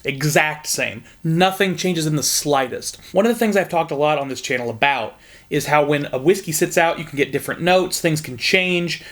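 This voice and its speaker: A man's voice: on the high side, normal speed, a bit bright. A young man from Southern Indiana giving a frank, joking whiskey tasting review, with the odd curse.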